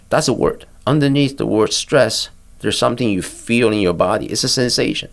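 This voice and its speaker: An older man, a physician, guiding a listener through a body-awareness exercise in a calm, patient, instructive way. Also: fairly low pitch, fairly quick, creaky. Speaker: physician and therapist guest. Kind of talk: guiding a mindfulness exercise in conversation.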